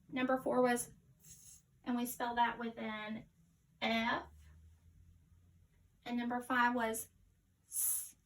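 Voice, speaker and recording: A woman teaching a phonics lesson to young children, sounding out each letter slowly and clearly. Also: on the high side, slight background noise.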